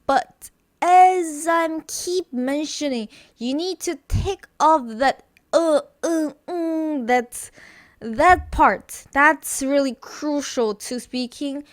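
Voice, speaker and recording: A woman whose first language is Korean teaches pronunciation in English at a very slow, deliberate pace. She stretches each example sound, says it again and again, and fills the gaps with fillers. Her voice is dry and close, with little room sound. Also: high voice, no echo. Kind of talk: slow, repetitive pronunciation lesson.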